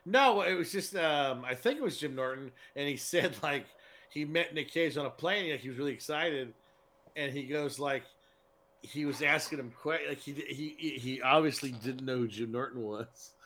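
Bright-voiced rambling podcast co-host man. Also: mid-range voice, normal speed. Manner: rambling, laughing, blurting loud yelps. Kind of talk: casual chat.

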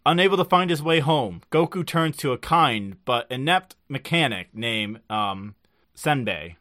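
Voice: medium pitch, lively intonation, measured pace, a bit bright. A podcast co-host recapping episodes in casual chat, rambling with lots of filler words and frequent laughs.

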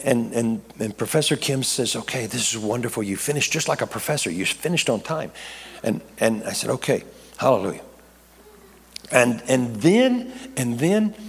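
A man with a mid-range, slightly rough voice preaches a storytelling sermon about his own life. He is animated and rambling, restarting and repeating words, with jokey asides thrown in. The long reverb of a large hall surrounds the recording.

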